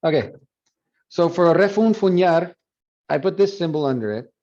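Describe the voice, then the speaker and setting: A man teaching a phonetics class review, explaining and repeating words slowly to model pronunciation. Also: on the high side, animated, a little mellow. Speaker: Spanish phonetics instructor. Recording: dull lo-fi classroom recording.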